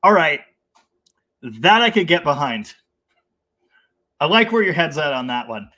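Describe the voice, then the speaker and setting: A man's voice: a little high, very animated, measured pace, bright, forceful tone. A man hosting a casual live stream about cars, reading out viewer comments, laughing often and rambling with enthusiasm. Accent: Canadian.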